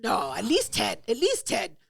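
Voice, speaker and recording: A woman tells a rowdy story on her podcast, loud and full of swearing as she acts out every voice. Her voice sits a little high. The sound is close and dry, with no room around it. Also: normal speed, vocal fry, husky, no room sound. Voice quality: loud, profane, animated retelling with acted-out quotes. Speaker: podcast co-host. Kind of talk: casual storytelling chat.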